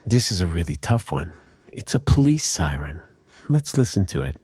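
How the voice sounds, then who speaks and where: A man calmly and methodically walking through an audio repair tutorial in voice-over. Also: low voice, normal speed, slightly rough. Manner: calm, methodical explaining. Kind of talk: screen-recorded software tutorial.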